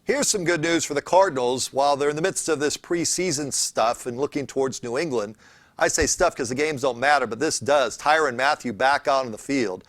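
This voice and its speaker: A man's voice: mid-range voice, a little fast, fairly bright tone, no room sound. Male sports host, chatty and opinionated, dry close recording. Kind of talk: sports talk and interview.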